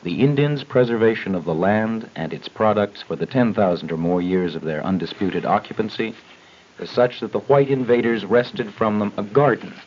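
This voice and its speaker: A man with a low voice reads a prose passage in an earnest, deliberate way. The recording is a dull, lo-fi radio broadcast. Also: darkish tone. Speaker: comedy radio regular. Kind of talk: reading a passage aloud.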